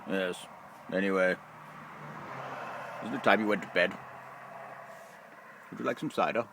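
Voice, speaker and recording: A man's voice: sits low, a little slow, gravelly, noisy background. A man voicing a rude, greedy bald male mascot toy that begs for scraps of fat. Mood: grumpy. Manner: rude, blunt and cheeky. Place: lorry cab.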